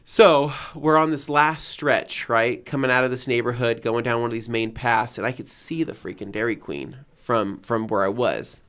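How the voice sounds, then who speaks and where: A man's voice: medium pitch, normal speed, few pauses, fairly bright tone, clear, resonant tone. A man in his thirties, a podcast co-host, telling a story in casual chat and acting out his own reactions.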